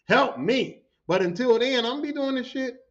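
A high-voiced man spins a rowdy, profane story as a podcast host, jumping into his coworkers' voices as he goes. The sound is dull and lo-fi. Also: animated, fast talker. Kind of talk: casual storytelling monologue.

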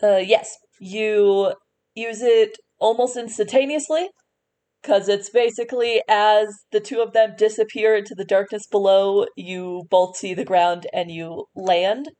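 A woman's voice: medium pitch, steady tone, unhurried, dark tone. Woman narrating as game master. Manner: descriptive, with fillers and restarts.

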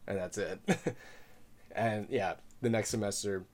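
A man's voice: lowish voice, steady tone, unhurried, a little mellow. A man in his twenties who grew up in the Philippines, chatting casually in a loose, profane way, with lots of filler words and frequent laughs. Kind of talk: casual chat.

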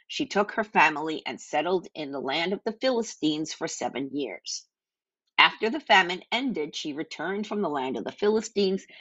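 Low husky woman teaching scripture. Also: fairly bright tone, no echo, dull audio. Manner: earnest, reads scripture aloud with small slips. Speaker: Bible teacher. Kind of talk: Bible reading and devotional teaching.

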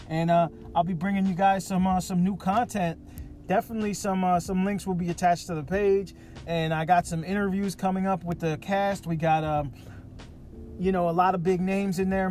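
High-voiced man ranting casually. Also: a little mellow, a little hiss or hum. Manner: profane, ranting, jokey. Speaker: podcast host. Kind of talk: casual monologue.

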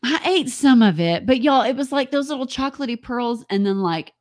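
A woman's voice: sits high, expressive, fairly quick. A woman co-hosting a live stream, chatting and telling stories, laughing often. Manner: chatty storyteller, laughs often, says y'all. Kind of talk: casual chat.

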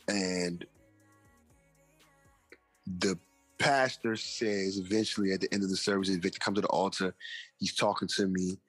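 A man's voice: sits low, breathy edge. A young man, an interview guest and author, telling a personal testimony in casual slang and acting out the voices of people he quotes.

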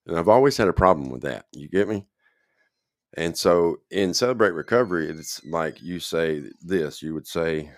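Very deep-voiced man telling his story. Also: moderate pace, no room sound, studio quality. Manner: rambling, checks in with the listener often. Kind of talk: casual storytelling.

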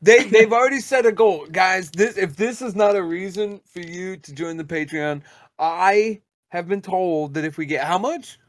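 A man's voice: sits high, moderate pace, dry recording. A married man co-hosting a casual podcast, ranting animatedly and swearing freely. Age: adult, married. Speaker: podcast co-host.

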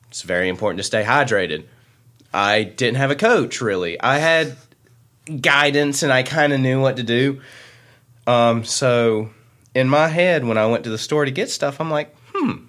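A man's voice: medium pitch, animated, moderate pace, fairly bright tone. A young man co-hosting a casual podcast chat, jokey and prone to trailing off mid-thought. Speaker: podcast co-host.

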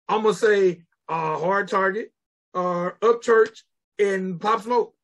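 Middle-aged male host, high bright voice, animated casual storyteller. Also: measured pace. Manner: animated storyteller, acts out quotes, swears. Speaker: podcast host. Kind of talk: casual chat.

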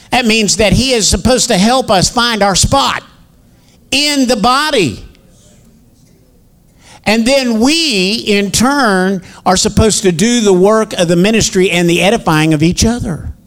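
High-voiced preacher man. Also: a little slow, a bit bright. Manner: folksy storytelling preacher, conversational with asides. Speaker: minister and teacher. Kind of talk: sermon.

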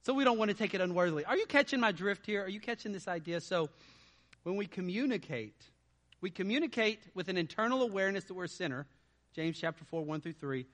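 A male pastor preaching a sermon, asking his congregation lively rhetorical questions. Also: high voice, fast.

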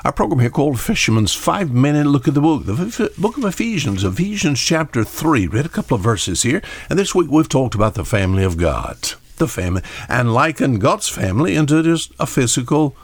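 A man's voice: medium pitch, very animated, fairly quick, few pauses, husky, dry recording. An older man preaching a short radio Bible sermon in a folksy way, often asking his listeners directly.

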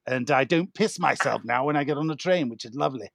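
A man's voice: mid-range voice, lively intonation, fast talker, creaky, fairly bright tone, no echo, clean studio sound. A man playing a pompous, rambling author being interviewed in an improvised comedy. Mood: smug. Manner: rambling, self-satisfied improv guest. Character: pompous male author of a train murder novel.

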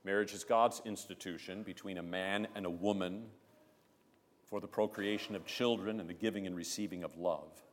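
A man preaching a sermon as pastor, emphatic, swelling loud on key phrases and dropping low between them. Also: steady tone, moderate pace. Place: church sanctuary. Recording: long church reverb.

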